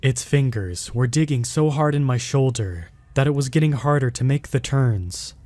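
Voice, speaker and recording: A man reading a scripted first-person horror story in a steady, measured way. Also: mid-range voice, no room sound.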